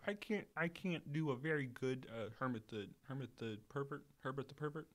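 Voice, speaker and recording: A man co-hosting a casual podcast chat, talking loudly and rambling with many restarts. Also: medium pitch, fairly quick, few pauses. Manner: loud, rambling, restarts a lot. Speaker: podcast co-host.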